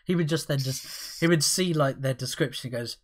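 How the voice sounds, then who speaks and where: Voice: medium pitch, fairly quick. A podcast co-host chatting casually, laughing often and rambling through stories. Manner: giggly, rambling. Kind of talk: casual chat.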